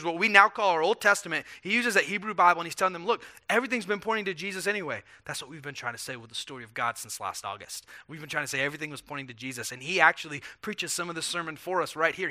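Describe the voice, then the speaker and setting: A man's voice: a little high, pushed and bright. A pastor preaching a sermon in an earnest, conversational way, asking rhetorical questions and often repeating words as he restarts.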